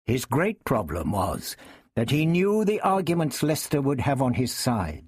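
A man reading a historical novel aloud in an expressive storytelling manner. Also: medium pitch, moderate pace, breathy edge, dry recording, clean studio sound. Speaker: narrator.

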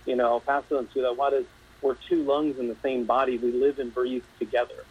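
A man, a state representative in a live news interview, speaking earnestly and haltingly, still emotional. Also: mid-range voice, flat delivery, husky, phone-quality sound. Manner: earnest, halting, repeats words.

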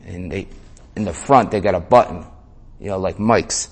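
Low-voiced man telling a street story. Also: moderate pace, slightly rough. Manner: street slang, swearing, repeats "man". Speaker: interview guest. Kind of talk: casual storytelling.

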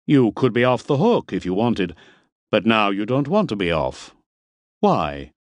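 A man playing a commanding employer who speaks briskly, with authority and suspicion. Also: lowish voice, big pitch swings, no room sound. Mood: authoritative.

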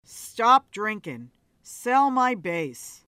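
A woman's voice: mid-range voice, sing-song, extremely slow, sharp tone, clean tone, no echo, clean studio sound, full character voice. A woman voicing a weary young man who hesitates and tries to avoid an argument. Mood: resigned.

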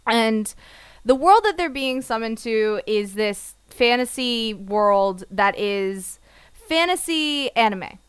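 A woman's voice: on the high side, lively intonation, slow, smooth, no echo. A woman co-hosting a casual podcast, reviewing an anime with playful sarcasm and frequent laughs. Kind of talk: casual chat.

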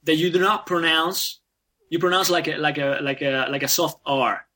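A man's voice: fairly high pitch, little pitch movement, moderate pace, sharp tone. A Spanish-speaking man with American-trained English, chatting as an interview guest, talking in loose restarts and fillers. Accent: American-trained English over a Spanish background. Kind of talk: casual interview.

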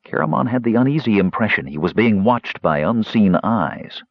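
A man narrating a fantasy audiobook in a dramatic, animated storytelling manner, in a dull lo-fi recording. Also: fairly low pitch, normal speed, slightly rough, no echo.

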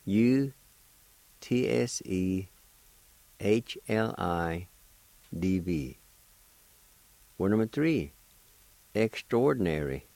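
A man's voice: deep voice, expressive, gravelly, warm tone, no room sound, poor audio. A man teaching a radio language lesson, patiently repeating each word and spelling it out letter by letter. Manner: deliberate, spells words out letter by letter.

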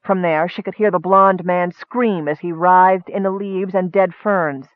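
A man reading a fantasy story aloud in a steady, measured way. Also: sits high, dry recording. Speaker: audiobook narrator. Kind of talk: scripted fantasy narration. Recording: dry tinny phone-like audio.

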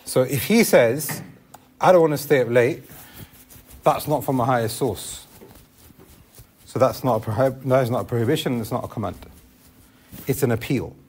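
A man's voice: medium pitch, normal speed, long pauses, darkish tone, slightly rough. A man teaching a classroom lesson on Islamic law, explaining step by step and asking the class questions.

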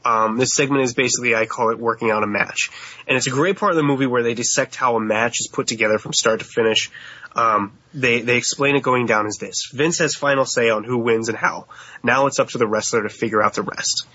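Male podcast co-host, animated storyteller, bright and husky, dry close sound. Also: mid-range voice, a little fast, no echo, muffled recording. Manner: animated storytelling, mimics voices with laughs. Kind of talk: casual podcast chat.

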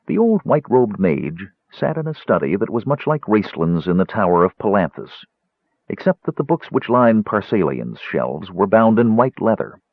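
A male audiobook narrator with a low, husky voice that rises and falls a lot as he tells the story. His delivery is measured and expressive. The recording is dry and slightly dull. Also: dry recording.

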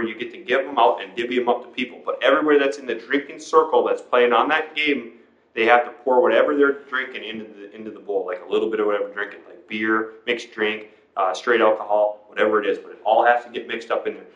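A man's voice: mid-range voice, fairly even intonation, fast talker. A man hosting a casual chat podcast, telling profane, rambling stories. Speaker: podcast host. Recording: roomy, dull lo-fi sound.

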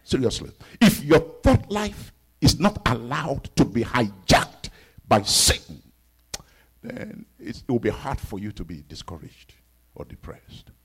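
A middle-aged man from Africa, a pastor preaching a sermon, dropping to hushed whispers and rising to loud exclaims. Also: mid-range voice, very animated, measured pace, breathy edge.

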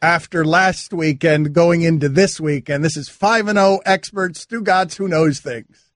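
A man hosting a sports radio show, talking casually in an animated, mock-exasperated way from a studio. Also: on the high side, a little slow, no echo. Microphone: studio mic.

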